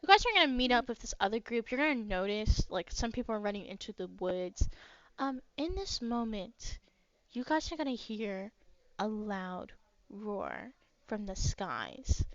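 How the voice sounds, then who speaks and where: A woman's voice: a little high, animated, normal speed, a bit bright, no room sound. A young woman narrating as game master of a tabletop game, rambling with lots of fillers. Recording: dry, dull lo-fi mic.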